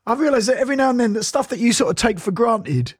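Lively husky British man, rambling. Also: very high-pitched, fast, dry recording, studio quality. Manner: rambling and anecdotal, laughing often. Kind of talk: casual chat.

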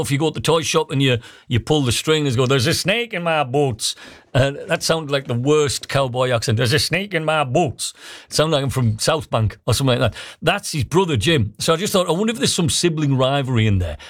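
A man's voice: a little high, dry recording, clean studio sound. A man hosting a breakfast radio show, chatting casually and joking with listeners.

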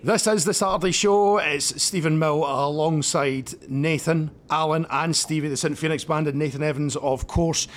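A man's voice: fairly high pitch, fairly even intonation, normal speed, few pauses, faint music behind. A man hosting a radio show, asking chatty, eager questions. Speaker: radio host. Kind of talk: radio interview.

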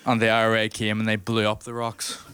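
A man's voice: on the low side, monotone, fairly quick, fairly bright tone, clean tone. A man with a Northern Irish accent doing a stand-up comedy set in a small live room, brash and teasing the crowd. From Northern Ireland.

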